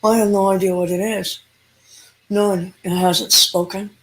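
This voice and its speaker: Animated woman telling a ghost story. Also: medium pitch, unhurried. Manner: animated storyteller, acting out dialogue. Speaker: paranormal investigator. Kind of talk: storytelling in an interview.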